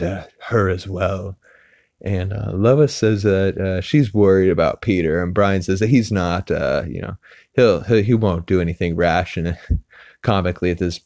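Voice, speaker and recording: A man's voice: low-pitched, darkish tone, dry recording, clean studio sound. A man hosting a podcast, casually recapping a TV episode with many filler words and restarts. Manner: rambling, lots of "uh" fillers. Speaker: podcast host. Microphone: podcast mic.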